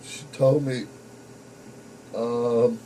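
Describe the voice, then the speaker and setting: A man's voice: mid-range voice, flat delivery, very slow, dark tone, a little hiss or hum, poor audio. A young man vlogging to camera, telling a personal story in a blunt, profane, casual way and calling his viewers folks.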